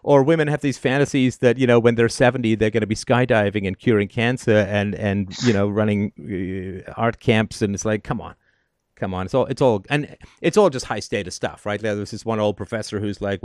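A man's voice: on the low side, brisk, darkish tone, dry recording, studio quality. A man hosting a call-in show, giving advice in an emphatic, sardonic monologue and often asking "right?".

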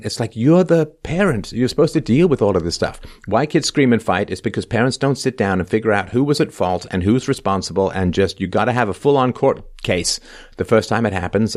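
Guy with a lowish voice doing sarcastic commentary, lectures, keeps saying right?. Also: lively intonation, fast talker. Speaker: podcast host. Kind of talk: reading aloud and critiquing.

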